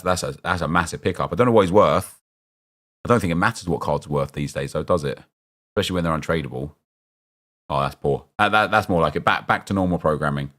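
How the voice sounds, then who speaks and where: A man's voice: sits low, fairly bright tone. A young man chatting casually as he streams a football game, rambling and answering his viewers' chat as he reacts to picks.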